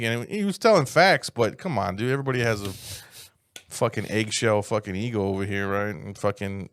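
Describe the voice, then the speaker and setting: A young man co-hosting a casual comedy podcast, telling profane, animated stories. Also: on the low side, moderate pace, vocal fry, no room sound. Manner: profane, animated storytelling with acted-out quotes. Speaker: podcast co-host.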